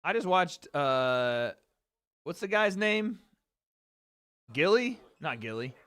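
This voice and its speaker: A young man hosting a livestream, talking in a fairly high voice with loose, excitable energy. He swears freely and reacts on the fly. The sound is dry and close, with no room around it. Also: takes it slowly, no echo. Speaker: livestream host. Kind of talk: casual live fight-watching commentary.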